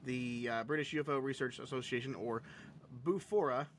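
A man's voice: medium pitch, moderate pace, background noise. A man co-hosting a casual podcast, joking crudely and laughing often between bits of reading. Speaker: podcast co-host. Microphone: home podcast mic.

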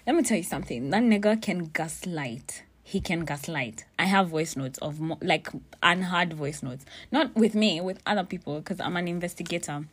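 Young woman, lowish voice, cussing a lot while she tells a story, super casual. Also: normal speed, breathy edge. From Kenya. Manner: blunt, profane, animated storytelling. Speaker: vlogger.

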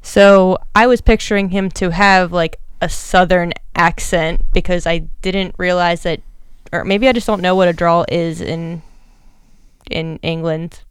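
A woman's voice: on the low side, steady tone, unhurried, smooth, no echo. A young woman co-hosting a casual book-discussion podcast, frank and opinionated, with lots of "like" fillers. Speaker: podcast co-host.

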